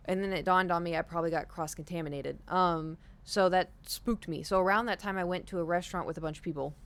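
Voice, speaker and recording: A young woman streamer telling a rambling story to her chat, animated, with lots of "like" and acted-out quotes. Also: on the low side, fast, few pauses, smooth. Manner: animated, rambling, heavy use of "like", acts out quoted speech.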